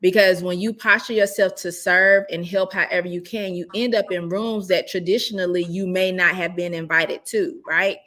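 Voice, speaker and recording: A woman's voice: fairly low pitch, fairly even intonation, normal speed, hardly any pauses, fairly bright tone. A woman speaking as a real estate investor, giving casual, emphatic advice and often checking in with rhetorical questions.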